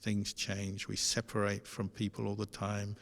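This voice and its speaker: A Buddhist monk gives an easygoing dharma talk with a low, gravelly voice. He speaks conversationally, with plenty of fillers, and his words ring out in a hall with a long reverb tail. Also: monotone, a little slow. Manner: gentle, conversational storytelling with frequent fillers.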